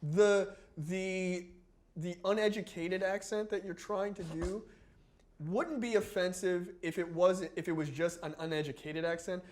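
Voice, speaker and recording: A man co-hosting a film review podcast in casual chat, animated, swearing and laughing often. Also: high voice. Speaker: podcast co-host reviewing films.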